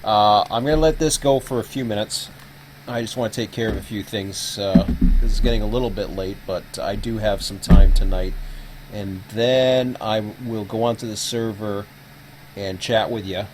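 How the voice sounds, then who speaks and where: A man's voice: fairly low pitch, normal speed, a little hiss or hum, poor audio. A man hosting a live stream who explains a setup casually, thinking aloud with plenty of fillers. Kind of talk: casual screen-share explanation.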